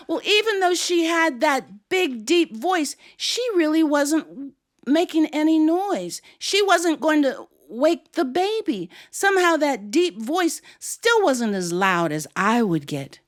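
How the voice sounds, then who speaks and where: A woman storyteller telling a story in an animated, expressive way with frequent chuckles. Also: high-pitched, slow pace.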